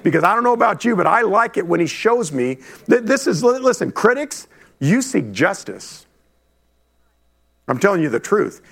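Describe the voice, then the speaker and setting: A middle-aged male pastor preaching a lively sermon to his congregation, talking straight to the room with quick asides. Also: high-pitched, creaky, husky. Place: church before a congregation.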